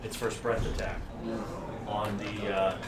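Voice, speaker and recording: A man's voice: lowish voice, flat delivery, a little slow, reverberant, distant mic, loud music behind the voice. A man narrating a tabletop game as dungeon master, loose and rambling, laughing often.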